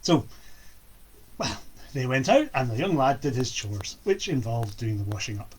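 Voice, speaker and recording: Brief: playful children's storyteller, swoops all over in pitch, throws in sound effects. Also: big pitch swings, moderate pace, husky.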